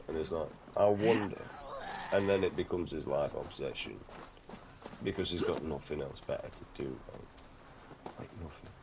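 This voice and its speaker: A man with an extremely deep, gravelly voice talks casually while he plays a game. He rambles from one tangent to the next, swears freely and keeps calling the listener mate. The recording carries a clear noisy hiss underneath. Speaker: gaming channel host. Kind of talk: casual chat over gameplay.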